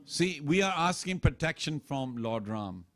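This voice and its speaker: A man's voice: fairly high pitch, expressive, unhurried, a bit bright. A man giving a sermon at a temple, telling scripture stories and acting out the characters' lines. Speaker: temple speaker. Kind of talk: storytelling sermon. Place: temple hall.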